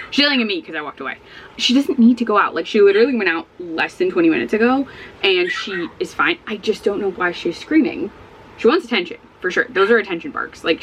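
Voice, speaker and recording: A woman talks in a loose, chatty vlog from her home, rambling and cutting herself off mid-sentence. Her pitch swings widely, rising and falling as she talks. She sounds a little sleepy, and there is a faint hiss behind her voice. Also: poor audio. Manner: rambling, self-interrupting, animated. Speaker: book vlogger. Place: at home with a barking dog nearby.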